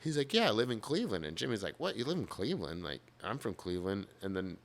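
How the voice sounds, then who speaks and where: A man's voice: on the low side, fast. A man telling a long road story on a podcast, casual, full of swearing, acting out what people said. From United States. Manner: animated, swears a lot, acts out quotes. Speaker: podcast guest, drummer.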